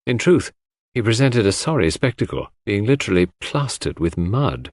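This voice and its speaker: A low-voiced man narrates a classic mystery audiobook from a script, his pitch swinging widely at a moderate pace. The recording is dry and of studio quality.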